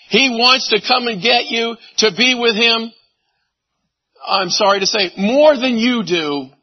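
A man preaching a sermon, animated, swinging from loud exclamations to hushed asides. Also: extremely high pitch, slow pace, long pauses, husky, muffled recording. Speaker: pastor.

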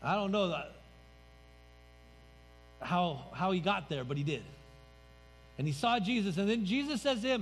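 A man's voice: sits high, expressive, moderate pace, long pauses. A man pastor preaching a sermon in a church sanctuary, conversational and emphatic, letting his voice drop at the ends of phrases. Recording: reverberant hall, faint music.

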